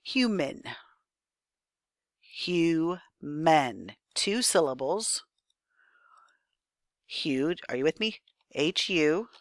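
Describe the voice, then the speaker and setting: A woman's voice: sits low, animated, takes it slowly, long pauses, dry recording, clean studio sound. A woman teacher giving a recorded spelling lesson, thinking aloud patiently and checking in with her students.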